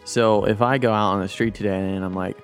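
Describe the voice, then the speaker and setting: Male podcast guest, low voice, playful and animated explainer. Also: brisk, soft background music. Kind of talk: casual explaining, acting out little exchanges.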